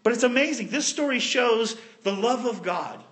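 High-voiced preacher guy, super animated, voice all over the place, chatting to the church. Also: normal speed. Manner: animated storytelling, addresses the congregation. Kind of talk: sermon.

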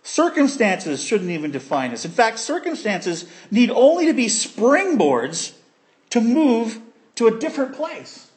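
A man preaching a sermon, telling a childhood story with animated voices and sound effects. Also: extremely high pitch, unhurried. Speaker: pastor.

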